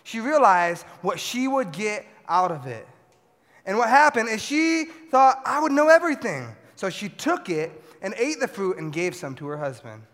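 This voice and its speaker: A young man preaching a sermon to a youth audience in an animated way, swinging between loud shouts and quiet asides. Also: high-pitched, measured pace. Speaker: youth pastor. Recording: long hall reverb.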